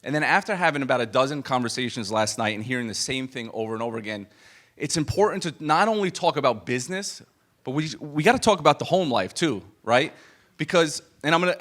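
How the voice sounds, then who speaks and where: A man giving a live motivational talk to an event audience, telling a personal story in a conversational way, with restarts and acted-out quotes. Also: medium pitch. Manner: animated and conversational, full of fillers and restarts, acts out quoted dialogue. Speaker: business coach speaking to an event audience.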